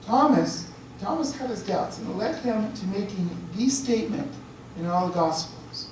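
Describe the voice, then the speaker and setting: A man's voice: high-pitched, lively intonation, normal speed, darkish tone. A priest giving a chatty lecture, often checking in with his listeners. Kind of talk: conversational lecture. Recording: very echoey room, distant mic, faint hiss.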